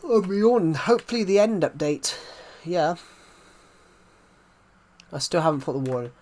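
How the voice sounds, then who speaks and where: A man's voice: a little high, expressive, moderate pace, darkish tone. A man, chatting casually on a live stream and rambling through restarts and repeated phrases. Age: 20s.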